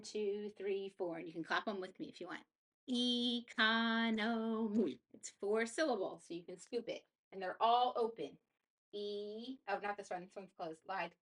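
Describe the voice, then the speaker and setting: A woman's voice: medium pitch, a bit bright. A woman teacher explaining a phonics lesson step by step in a patient, casual way.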